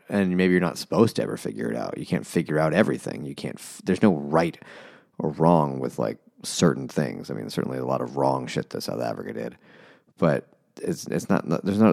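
Male co-host, very low gravelly voice, animated casual swearing chat. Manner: loose, swearing, hesitant. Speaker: book podcast co-host. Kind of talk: casual chat over beers.

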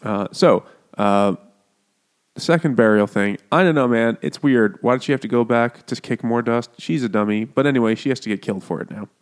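A man's voice: medium pitch, a little fast. A man co-hosting a casual book podcast over a video call, joking, swearing and laughing a lot. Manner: laughing, jokey, profane. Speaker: podcast co-host.

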